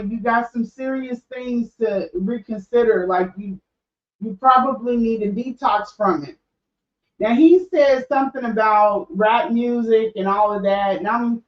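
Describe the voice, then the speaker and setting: A middle-aged woman with a fairly high voice talks candidly in a casual livestream, often stopping to restart her sentences. She sits back from the mic in a roomy, echoing space, and the sound is a bit dull. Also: distant mic. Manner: candid, conversational, with frequent restarts. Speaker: podcast host.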